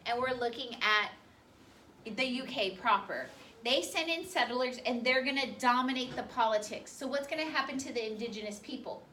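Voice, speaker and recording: A woman teaching history in a school classroom quizzes her students with rapid questions in a slightly high, sharp voice. The recording is distant and faintly noisy.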